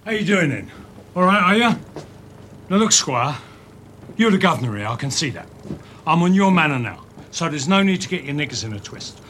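A hard-bitten ex-convict with a thick Cockney accent, talking slow and menacing in street slang. The voice sits a touch high, and a faint ambient hiss runs under it. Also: male voice, very animated, a bit bright. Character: tough ex-con man, thick Cockney put-on. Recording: film clip with faint ambience.

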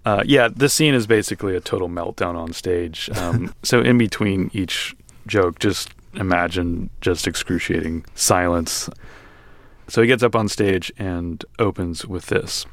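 A male author answering interview questions in a hesitant, self-deprecating way, with many pauses and fillers. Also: sits low, no room sound. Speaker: author and guest.

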